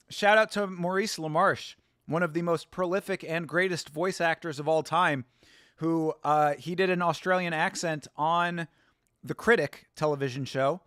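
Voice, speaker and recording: A man's voice: fairly high pitch, fairly bright tone, no echo, studio quality. A man hosting a live watch-along stream, chatting casually, reading out chat and rambling through stories with restarts.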